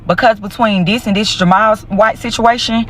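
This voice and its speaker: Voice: mid-range voice, fairly even intonation, normal speed, fairly bright tone. Blunt, cursing commentator, faint hiss. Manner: blunt, cursing, casual slang. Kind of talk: commentary video.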